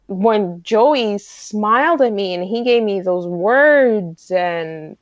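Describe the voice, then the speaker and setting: A woman in her forties, a podcast host telling stories in a rambling, excitable way, full of restarts. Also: mid-range voice, slow, no echo, highs cut off. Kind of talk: casual chat.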